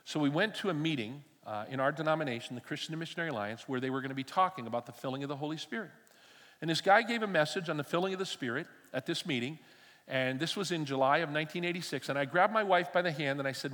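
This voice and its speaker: A man's voice: mid-range voice, expressive, a little fast, a bit bright, long reverb tail. An older man preaching a sermon from a church stage. He tells stories animatedly, acts out the dialogue and adds humorous asides. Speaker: pastor.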